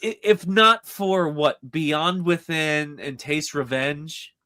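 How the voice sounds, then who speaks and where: A man co-hosting a podcast, excitable and profane, tripping over his words in casual chat. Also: fairly high pitch, takes it slowly, smooth, dry recording. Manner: excitable, swears, stammering restarts. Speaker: podcast co-host.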